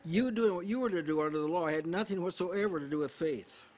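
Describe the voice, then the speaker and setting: A man preaching an expository sermon at a small house church, measured and repetitive, slowing on key words. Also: sits high, darkish tone. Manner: measured, repeats phrases, slows on key words.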